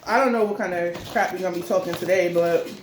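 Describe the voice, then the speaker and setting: A woman's voice: lowish voice, fast, music in the background. A woman co-hosting a casual mukbang chat, talking loosely with lots of fillers while she eats. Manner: chatty, loose and rambling, full of fillers. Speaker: mukbang co-host. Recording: roomy echo.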